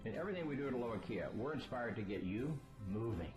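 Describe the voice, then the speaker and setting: A man voicing a car commercial with slow, dramatic, breathy phrasing. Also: mid-range voice, animated. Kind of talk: car dealer commercial voice-over. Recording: echoey ad voice-over with music.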